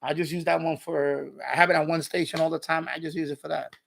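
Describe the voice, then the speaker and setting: A man's voice: a little high, flat delivery, fast, vocal fry, a bit bright, a little hiss or hum. A man hosting a live stream, chatting casually and rambling, with many restarts and repeated phrases.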